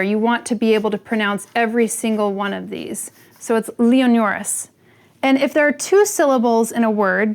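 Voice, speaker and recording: A woman in her thirties, host of a plant channel, explaining things in a chatty way with lots of "like" fillers. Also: a little high. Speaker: host teaching plant names. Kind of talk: casual educational talk.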